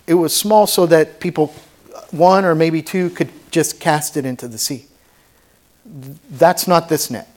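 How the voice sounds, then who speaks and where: A man's voice: fairly high pitch, measured pace, long pauses, a little mellow. A man preaching a sermon as pastor to a church congregation, fervent and conversational with asides. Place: church sanctuary.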